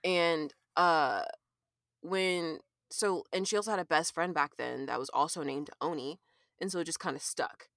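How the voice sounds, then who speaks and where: A woman guest on a podcast telling animated stories, swearing and filling with "like". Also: sits low, normal speed, no room sound. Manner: animated storyteller, swears, many "like"s. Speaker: guest artist. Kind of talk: casual podcast chat.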